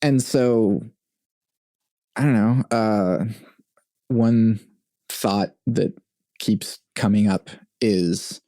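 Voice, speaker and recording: A man hosting a podcast, talking through his thoughts in a casual, halting way and laughing often. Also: on the low side, mellow, dry recording, studio quality. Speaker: podcast host. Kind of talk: casual conversation.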